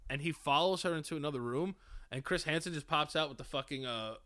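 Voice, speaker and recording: A man's voice: fairly high pitch, quick pace, bright, forceful tone. A man co-hosting a podcast, chatting crudely and laughing often. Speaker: podcast co-host. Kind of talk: casual comedic chat.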